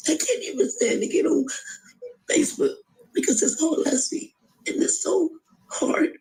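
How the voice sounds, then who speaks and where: A grieving middle-aged woman, tearful and halting, pleading in an emotional video appeal. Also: high-pitched, lively intonation, darkish tone, poor audio. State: tearful, voice breaking. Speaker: grieving mother.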